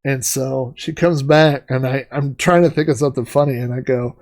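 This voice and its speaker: A man's voice: medium pitch, steady tone, normal speed, darkish tone. A middle-aged man hosting a retro gaming show, telling a casual, rambling story with many fillers while he plays. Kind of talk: casual anecdote while playing a game.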